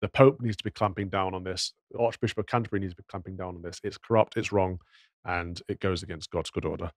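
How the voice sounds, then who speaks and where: A podcast commentator with a deep voice gives indignant, moralizing commentary on news clips, packed with rhetorical questions. His tone is steady and his pace quick, on a dry recording.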